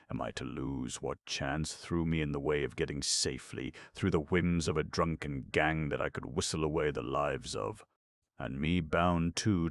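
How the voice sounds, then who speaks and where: A man voicing a scheming old male fence in an audiobook, wheedling with a croaking voice. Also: a bass voice. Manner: wheedling, flares into shouting rage. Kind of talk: audiobook character voice.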